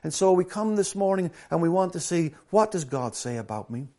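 A man preaching a sermon. He drops to hushed, slow scripture reading and then builds to loud, lively storytelling. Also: sits high. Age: adult, former professional soccer player.

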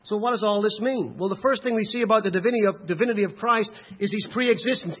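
Man preaching a sermon, high raspy voice, kinda muffled lo-fi recording. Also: fast talker, few pauses. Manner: builds to loud emphatic peaks, then drops low. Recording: dull lo-fi sound.

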